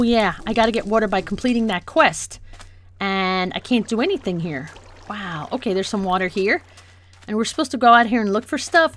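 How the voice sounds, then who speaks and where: A young adult woman narrates her own gameplay in a flustered, excitable way, often breaking into laughter. Her voice sits a little high, swings widely in pitch and has a bright, forceful edge. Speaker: gaming channel host. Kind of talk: let's play commentary.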